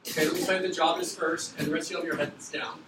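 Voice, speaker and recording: A man teaching a middle school class, explaining an activity in a loose, quick, joking way. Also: fairly high pitch, fairly even intonation. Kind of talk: classroom instruction. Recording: echoey classroom, far from mic, background noise.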